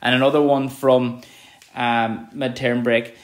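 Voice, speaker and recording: A man teaching a recorded revision lesson, explaining terms with frequent checks like "okay" and reading examples out slowly. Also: mid-range voice, level tone. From Ireland.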